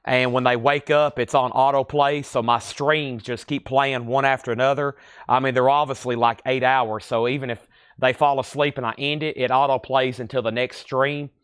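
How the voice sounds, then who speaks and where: A man with a lilting Tennessee accent hosting a live-stream record sale, reading titles, conditions and prices in a steady, easy patter. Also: mid-range voice, moderate pace, clean tone, no room sound, clean studio sound. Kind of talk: live-stream auction selling.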